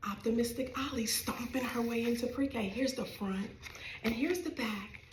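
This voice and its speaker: A woman's voice: fairly high pitch, moderate pace, reverberant, background noise. A woman reading her own picture book aloud to small children in a library, playful and sing-song, talking straight to her young listeners.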